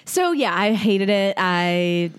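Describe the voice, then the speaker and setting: A woman co-hosting a casual podcast, her voice sitting at an ordinary middle pitch. She talks in a chatty, opinionated way, piling up fillers as she reviews things. It is easygoing, everyday chat. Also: expressive, slow, smooth, big-room sound. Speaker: podcast co-host.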